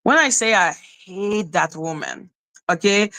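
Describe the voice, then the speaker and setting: A woman's voice: mid-range voice, animated, unhurried, bright, forceful tone, no room sound. Heated, profane woman streamer. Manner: heated, profane, repeats herself. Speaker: live streamer. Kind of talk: angry livestream rant.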